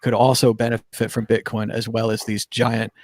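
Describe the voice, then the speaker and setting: A man's voice: fairly low pitch, completely flat delivery, dry recording, studio quality. A man hosting a panel discussion, putting questions to guests and reading news items. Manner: brisk, moves panel along with questions. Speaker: show host.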